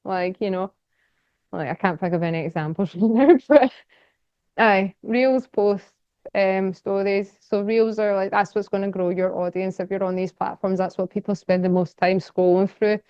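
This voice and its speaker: A woman's voice: mid-range voice, steady tone, moderate pace, smooth, dry recording. A young Scottish woman giving a casual talk to a society, chatty and enthusiastic, rambling with lots of fillers. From Scotland. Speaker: guest speaker. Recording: dull, dry lecture recording.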